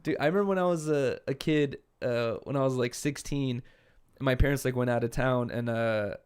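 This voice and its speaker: A man's voice: medium pitch, normal speed, a little mellow, clean tone. A young man from California co-hosting a podcast, telling laid-back, profane stories in casual chat and acting out what people said. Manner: laid-back storytelling, profane, acts out quotes. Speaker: podcast co-host.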